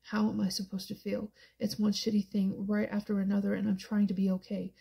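A woman reading the part of a heartbroken young man who talks in a strained, hushed voice, in an audiobook. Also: medium pitch, completely flat delivery, brisk, gravelly, slightly rough. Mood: pleading.

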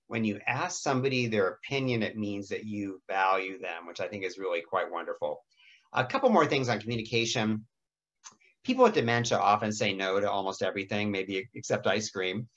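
A middle-aged man with a raspy voice giving a lecture on caring for people with dementia, gentle and often clearing his throat. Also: on the low side, lively intonation, brisk, lo-fi sound. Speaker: dementia care educator. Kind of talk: lecture presentation with slides.

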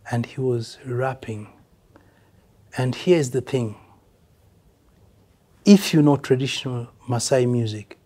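A man's voice: mid-range voice, mellow. An older man with a Kenyan accent, a veteran musician speaking bluntly and emphatically in a casual interview, dropping in Swahili phrases.

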